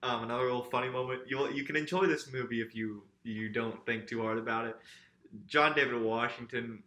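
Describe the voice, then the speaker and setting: A man's voice: mid-range voice, steady tone, a little fast, bright, forceful tone, reverberant. A man co-hosting a podcast, casually and sarcastically picking apart a movie with jokes and swearing. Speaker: podcast co-host. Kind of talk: casual movie review chat.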